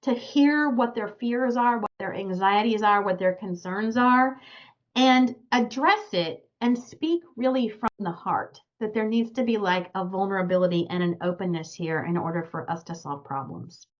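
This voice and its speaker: A woman's voice: medium pitch, moderate pace, highs cut off. A woman astrologer giving a recorded webinar talk, earnest and advising her listeners directly.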